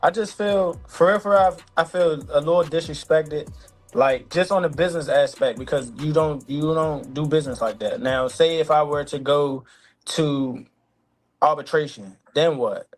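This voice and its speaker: A man, a professional boxer, answering an interview in an earnest, measured, slightly aggrieved way. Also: on the high side, faint music behind.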